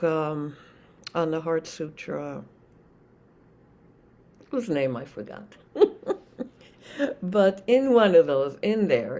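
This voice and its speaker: Older woman with a gravelly voice giving a dharma talk. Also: lowish voice, a little mellow. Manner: reflective, searching, with many restarts and fillers. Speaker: Zen teacher.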